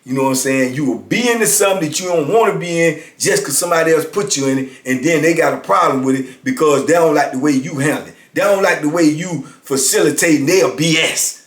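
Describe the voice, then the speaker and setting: A man's voice: fairly high pitch, quick pace, hardly any pauses. A man in his fifties telling a story in loose, slangy casual talk, often tossing in "you know what I'm saying". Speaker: channel host telling stories. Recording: roomy echo.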